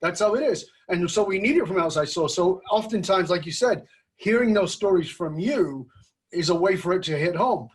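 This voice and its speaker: A man's voice: high voice, animated, normal speed. A man hosting a podcast interview, telling stories animatedly and acting out the dialogue. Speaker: podcast host. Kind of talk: conversational interview.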